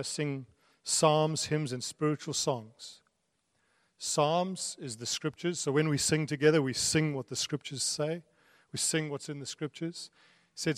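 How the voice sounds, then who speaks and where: Guy preaching, kinda high voice, dry close mic but long church reverb tail. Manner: earnest, repeats key phrases, laughs at his own asides. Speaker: pastor. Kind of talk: sermon.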